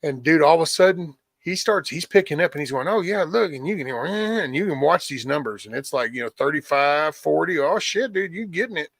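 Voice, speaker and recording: A gravelly-voiced man with a drawl hosts a live stream chat, spinning rowdy stories and putting on voices for the people in them. His speech is loose and peppered with cursing. The recording is close and dry. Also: fairly high pitch, brisk, hardly any pauses, no echo. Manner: animated storyteller, acts out quotes, swears freely. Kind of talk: casual storytelling chat.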